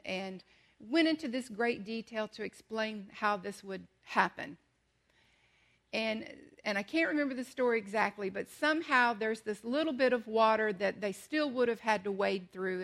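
A woman teaching a Bible lesson in animated storytelling style, slowing down for emphasis and asking rhetorical questions. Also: mid-range voice, gravelly.

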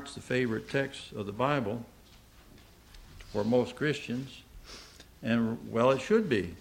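A man preaching a sermon to a congregation, earnest, asking the listeners questions and repeating key lines. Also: mid-range voice.

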